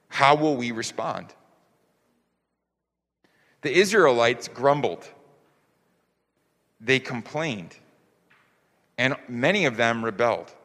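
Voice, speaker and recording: Slow, bright-voiced preaching man. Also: on the high side. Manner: emphatic preaching, rhetorical questions. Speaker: pastor. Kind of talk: sermon. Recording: long hall reverb.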